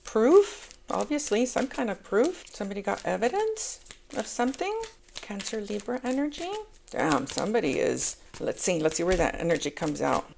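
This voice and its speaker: A woman's voice: medium pitch, gravelly, darkish tone, a little hiss or hum. A woman giving a casual tarot reading, talking chattily and calling her viewers angels. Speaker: tarot reader.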